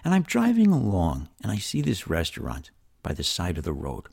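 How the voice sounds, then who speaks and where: An older man with a New York accent spins a personal story in an animated, chatty way. His voice sits very low and gravelly, yet it swings widely up and down as he talks. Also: normal speed. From New York City. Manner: animated, folksy and conversational. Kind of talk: storytelling narration.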